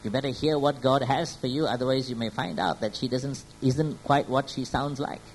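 A man's voice: normal speed, low-quality recording. Man preaching, checking in with "Hmm?". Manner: checks in with the crowd with frequent "Hmm?" and "Yeah?"; grows louder and more emphatic as he builds. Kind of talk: sermon. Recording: faint background noise and low rumble.

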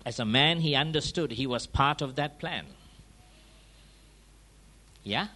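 A man preaching a sermon, driving his points home with rhetorical questions and quick checks like "huh?" and "yeah?", his volume rising and falling for emphasis. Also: mid-range voice, pushed and bright. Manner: emphatic, swings between raised and dropped volume.

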